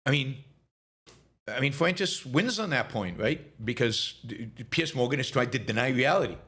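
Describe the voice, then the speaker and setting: A man's voice: mid-range voice, animated, normal speed, fairly bright tone. A man hosting a political commentary show, talking in a monologue full of stammered restarts and pointed rhetorical questions. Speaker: show host.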